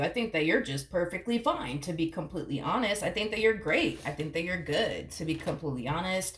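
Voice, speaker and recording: Brief: casual tarot reader, woman, rambling and profane, lower pitch, echoey room. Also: lively intonation, a little fast, few pauses. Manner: rambling, chatty, calls the viewer honey, swears casually. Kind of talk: casual tarot reading to camera.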